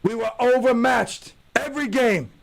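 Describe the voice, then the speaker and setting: Male radio host, New edge, high raspy voice, brash ranting delivery. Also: moderate pace, low-quality recording. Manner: loud, ranting, mocks whiners in a wailing voice. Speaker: radio host and softball coach. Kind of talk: animated radio monologue.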